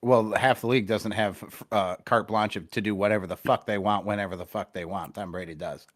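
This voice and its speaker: Low-voiced man rambling about sports. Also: steady tone, a little fast. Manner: rambling, profane, self-deprecating. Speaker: podcast co-host. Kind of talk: casual sports chat. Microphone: remote call connection.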